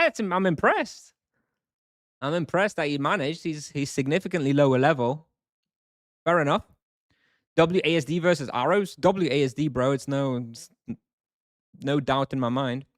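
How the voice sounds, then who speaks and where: A man's voice: on the high side, normal speed, pauses often, no room sound, studio quality. A man live-streaming a video game, thinking aloud, chatting casually and answering questions from chat.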